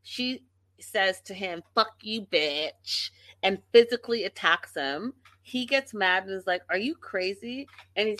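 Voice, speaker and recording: A woman venting on camera about a reality show, indignant and emphatic, with plenty of swearing. She talks slowly, her tone bright and forceful, and the sound is dry and close. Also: medium pitch, no room sound. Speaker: reality TV commentator. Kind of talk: casual opinionated recap.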